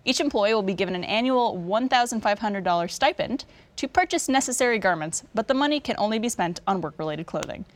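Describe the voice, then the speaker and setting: A woman's voice: mid-range voice, expressive, fast talker. A woman from Canada hosting a casual chat and reading out game questions, laughing often. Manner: chatty, laughs often, reads questions aloud steadily. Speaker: host.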